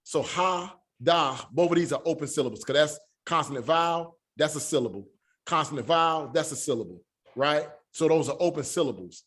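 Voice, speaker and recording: A man teaching an online Hebrew class. He talks haltingly, with many fillers, and spells sounds out slowly. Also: fairly high pitch, a bit bright.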